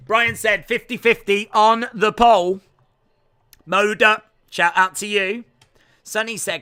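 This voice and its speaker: A man's voice: high voice, steady tone, slow, pushed and bright, clear, resonant tone. An English man with a Midlands accent hosting a live watch-along stream, reading chat aloud and teasing viewers with jokes. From England. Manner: joking, teasing banter.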